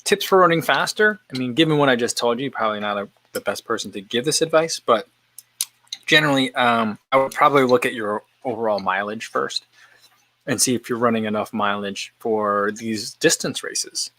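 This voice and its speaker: A man's voice: mid-range voice, moderate pace, sharp tone, slight background noise, low-quality recording. A man hosting a casual live-stream chat while eating, thinking aloud as he answers viewer questions. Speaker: running channel host.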